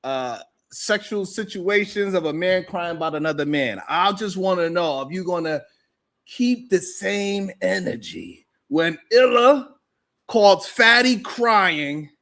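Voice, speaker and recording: A man's voice: high voice, expressive, unhurried, a bit bright. A man hosting a morning talk show, teasing his guests and laughing often between lines. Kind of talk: livestream talk show commentary.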